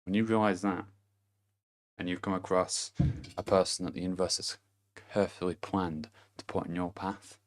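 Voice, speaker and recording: A young man giving a blunt, profane self-help monologue, laughing to himself and swinging between loud emphasis and low murmurs. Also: fairly even intonation, moderate pace, long pauses. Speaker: vlogger.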